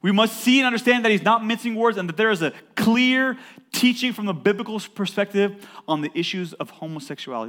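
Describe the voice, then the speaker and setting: This man preaches as a church pastor, his mid-range voice growing emphatic and rising to loud peaks. Along the way he throws joking asides to the congregation.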